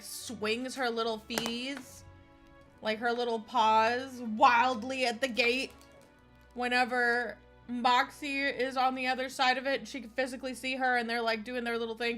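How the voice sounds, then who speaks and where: A woman's voice: fairly high pitch, steady tone, normal speed, sharp tone, faint music behind. A young woman streaming a video game, chatting casually and rambling with lots of fillers. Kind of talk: casual game livestream chat.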